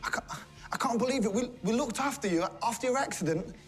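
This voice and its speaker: An actor playing an agitated band member who swears a lot. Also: male voice, very high voice, lively intonation, quick pace, faint music behind.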